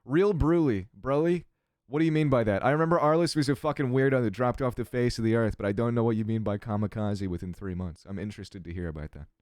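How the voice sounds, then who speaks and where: A man's voice: medium pitch, fast, a little mellow, dry recording, studio quality. A man casually reading chat on his livestream, sardonic and crass, swearing freely.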